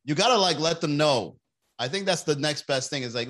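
A man's voice: fairly high pitch, expressive, bright, forceful tone. Joking rambling young man podcasting. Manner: joking, rambling, acts out others in quick put-on voices. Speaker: podcast host. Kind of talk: casual livestream podcast chat.

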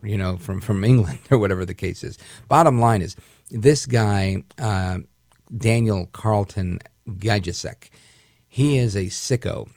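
A man's voice: lowish voice, vocal fry, a little mellow, no echo, clean studio sound. A man hosting a syndicated talk radio show, delivering an indignant, rambling monologue with frequent restarts. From Puerto Rican heritage, raised in the northern US.

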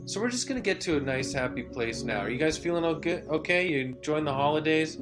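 Rambling comedic man over soft guitar. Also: on the high side, quick pace. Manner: rambling, absurd asides, swings from loud rants to hushed calm. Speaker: comedy podcast host. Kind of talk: mock-meditation comedy bit. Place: live online event. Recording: music playing under the voice. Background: soft guitar music.

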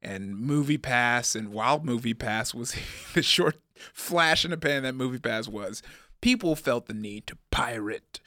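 A man's voice: mid-range voice, expressive, a little slow, sharp tone, dry recording, clean studio sound. A man in his thirties co-hosting a podcast, rambling and joking, laughing often. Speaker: podcast co-host. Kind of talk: casual chat.

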